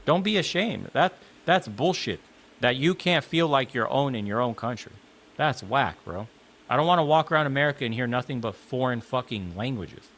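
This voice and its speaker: A man's voice: mid-range voice, animated, normal speed, a bit bright. A man in a clip played from another video, delivering a blunt, heated, profane opinion rant. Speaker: commentator in a reacted video.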